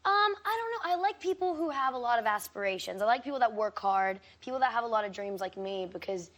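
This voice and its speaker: A woman's voice: on the high side, expressive, fast talker, a bit bright. A teenage girl, an actress, chatting casually as a talk show guest, with lots of fillers and frequent giggles. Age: teens. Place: TV studio.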